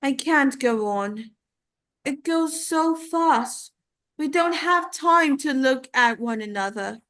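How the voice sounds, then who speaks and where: A woman playing a grieving young ghost. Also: high-pitched. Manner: tender, pleading, halting delivery. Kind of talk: dramatic monologue reading.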